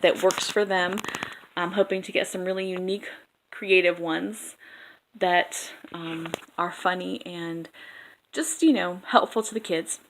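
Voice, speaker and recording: A woman drama teacher talking through a lesson plan in a casual, chatty way, full of ums, pausing to demonstrate vowel sounds. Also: mid-range voice, a little hiss or hum.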